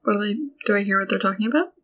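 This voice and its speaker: A woman's voice: medium pitch, rapid-fire, a bit bright, poor audio. A woman player in a tabletop game with dry, blunt quips.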